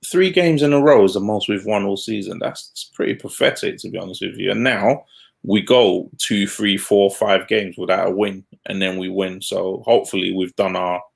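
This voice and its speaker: A man's voice: low-pitched, normal speed, creaky. A man co-hosting a casual football podcast, speaking bluntly and laughing at his own points. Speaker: podcast co-host.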